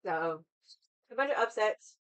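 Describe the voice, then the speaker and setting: A woman's voice: medium pitch, expressive, a little slow, low-quality recording. A woman hosting a casual stream, chatting with her viewers in a rambling way and swearing freely. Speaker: livestream host chatting with viewers. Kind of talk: casual chat.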